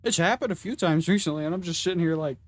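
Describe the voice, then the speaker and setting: A young gaming vlogger with a fairly high voice talks fast, rambling crudely through casual commentary while he plays. He's self-deprecating and restarts often, with slight background noise behind him.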